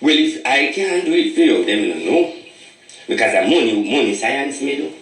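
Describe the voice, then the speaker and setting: A man's voice: mid-range voice, big pitch swings, moderate pace, a bit bright, far from the mic. A man with a Jamaican Patois accent, a spiritual reader giving a preachy, boastful warning monologue that rambles in patois. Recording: echoey room, away from the mic.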